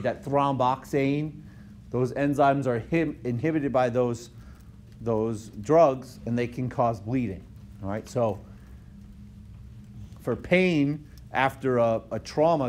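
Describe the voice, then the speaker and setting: Speaking at medium pitch with a darkish tone, a male instructor gives a recorded whiteboard lecture in a conversational style, frequently adding "okay?" and correcting himself mid-phrase. His tablet microphone picks up slight background noise.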